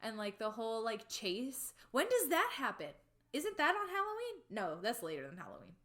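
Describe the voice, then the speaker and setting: A woman's voice: a little high, moderate pace. Chatty young woman podcast co-host. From United States. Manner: chatty, animated, lots of "like" fillers. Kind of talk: casual chat.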